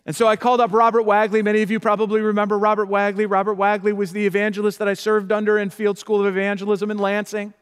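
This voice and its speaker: Middle-aged pastor guy preaching, fairly high voice, keeps asking "okay?", lots of hall echo. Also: completely flat delivery, fast, few pauses, smooth. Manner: repeats himself, asks the audience "okay?". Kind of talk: sermon. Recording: long hall reverb.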